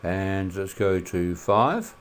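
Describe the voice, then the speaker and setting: In a relaxed screencast maths lesson, a man speaks slowly in a low voice. He uses many filler sounds and puts questions to his students.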